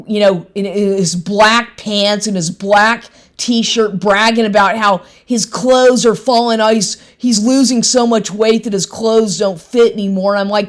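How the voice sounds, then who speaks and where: Indignant woman ranting with heavy profanity. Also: medium pitch. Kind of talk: angry venting monologue.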